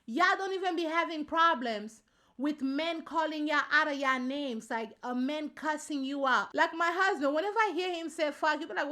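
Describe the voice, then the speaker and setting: A woman's voice: high voice, normal speed, pushed and bright. A woman vlogger giving casual opinion commentary to her viewers. She talks in slangy, informal speech and repeats her points for emphasis.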